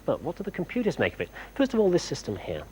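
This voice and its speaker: A man presenting a TV show, explaining technology clearly with a light humorous touch in a studio. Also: on the high side, huge pitch swings, racing, noisy background.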